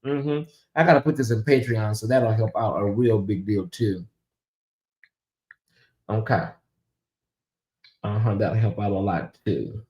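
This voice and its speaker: A middle-aged man hosting a casual livestream, talking straight to his chat in an animated, teasing way. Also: on the low side, measured pace, pauses often. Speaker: livestream host. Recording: echoey room.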